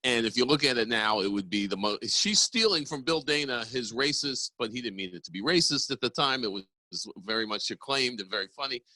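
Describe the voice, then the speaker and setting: A man's voice: medium pitch, expressive, a little fast, hardly any pauses, pushed and bright, no room sound, rough recording. A man co-hosting a podcast, chatting and bickering casually, rambling with lots of restarts and jokes. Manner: rambling, restarts often, joking. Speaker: podcast co-host.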